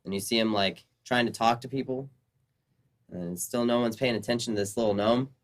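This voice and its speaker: A man's voice: medium pitch, fairly even intonation, brisk. A young man narrating as dungeon master, rambling through descriptions full of ums and uhs. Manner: rambling, filler-heavy descriptions. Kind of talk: narrating a tabletop game.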